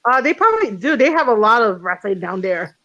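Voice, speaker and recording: A somewhat high-voiced woman hosts a casual podcast chat, rambling through stories with ums, false starts and casual swearing. The sound is dull and lo-fi, like an online audio room. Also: sing-song, fairly quick, pushed and bright. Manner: rambling, swears freely, frequent ums and restarts. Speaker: podcast host.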